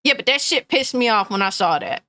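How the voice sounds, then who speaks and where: A woman's voice: a little high, animated, fairly quick, pushed and bright, no room sound, studio quality. A woman gaming news streamer ranting angrily and bluntly, swearing often and reading chat comments aloud. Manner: angry, profane, blunt.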